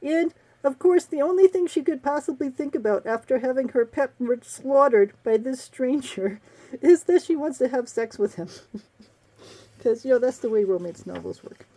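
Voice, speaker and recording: A woman's voice: high voice, normal speed, mellow. A woman and romance novelist giving a casual, sarcastic book review, laughing often.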